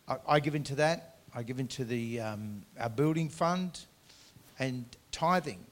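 Speaking at medium pitch and a little slowly, this man preaches as a pastor. He is earnest, alternating forceful, loud statements with soft, chatty asides and drawing out important words.

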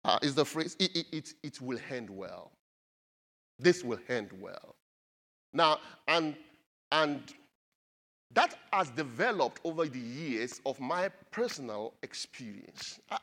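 High-voiced, lively man preaching. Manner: emphatic, repeats key phrases for the congregation. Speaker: pastor. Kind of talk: sermon.

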